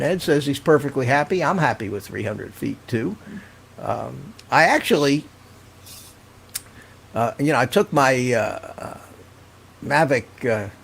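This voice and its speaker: A man's voice: medium pitch, gravelly, slight background noise. An older man hosting a live stream, chatting casually and rambling, often laughing as he reads out viewer comments.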